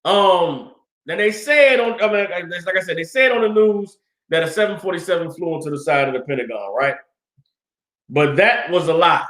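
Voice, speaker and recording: A man's voice: sits high, normal speed. A man in his thirties from the Washington, D.C. area, telling stories casually and animatedly as a class speaker. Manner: animated, colloquial, acts out quoted dialogue. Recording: roomy echo.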